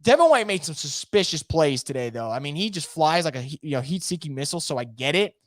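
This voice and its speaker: A man hosting a casual live sports podcast from home, energetic and opinionated, rambling with frequent restarts. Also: fairly high pitch, quick pace, no echo, clean studio sound. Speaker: podcast host. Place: home room.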